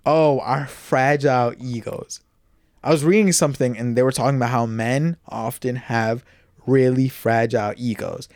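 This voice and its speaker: A young man hosting a casual podcast, loud by his own account, laughing and restarting often. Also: mid-range voice, steady tone, normal speed, dry recording, clean studio sound. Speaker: podcast host. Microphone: podcast mic.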